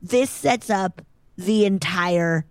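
A woman's voice: takes it slowly, smooth, no echo, studio quality. A woman co-hosting a casual podcast chat, retelling a movie and acting out the characters in exaggerated voices. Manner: animated, acts out characters in high exaggerated voices. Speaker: podcast co-host.

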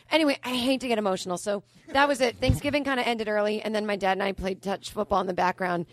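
A woman from Boston tells outlandish stories quickly and flatly, never breaking her matter-of-fact tone. She is a comedian guest on a talk podcast. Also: medium pitch, dry recording. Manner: deadpan, matter-of-fact delivery of absurd stories. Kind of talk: improvised comedy storytelling.

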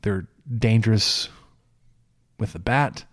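Relaxed low-voiced man talking sports. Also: slow pace. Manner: relaxed, repeats words. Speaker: podcast host. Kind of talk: casual sports chat.

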